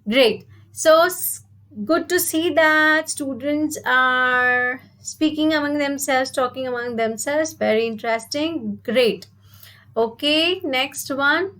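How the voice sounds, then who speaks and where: High-voiced teacher. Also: female voice, sharp tone. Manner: explains slowly with repeated checks like "right?" and "okay?". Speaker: IELTS speaking teacher. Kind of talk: live online lesson.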